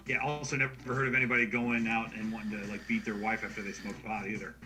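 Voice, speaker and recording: A man's voice: on the low side, flat delivery, fast talker. A young man co-hosting a podcast, chatting easily about a party game and chuckling. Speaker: podcast co-host. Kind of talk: casual comedic chat while playing a party game. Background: music.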